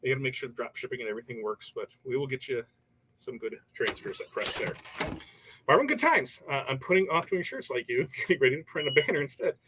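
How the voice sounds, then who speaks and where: A man's voice: medium pitch, expressive, fast, bright, forceful tone, a little hiss or hum, poor audio. A man hosting a casual livestream from his workshop, rambling through viewer comments and stories with frequent laughs. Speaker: livestream host. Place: workshop while pressing shirts.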